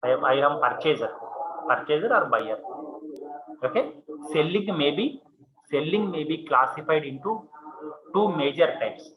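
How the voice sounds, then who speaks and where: A man's voice: a little high, animated, moderate pace, pauses often, a crowd in the background. A man with an Indian English accent lecturing a classroom on commerce, repeating points and checking in with "okay" and "see". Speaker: commerce teacher. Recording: muffled classroom recording with students.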